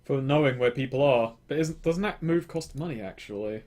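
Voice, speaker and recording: A man's voice: medium pitch, brisk, a little mellow. A man playing a tabletop game in casual chat, chatty and asking about the rules. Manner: chatty, rule questions, restarts. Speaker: player.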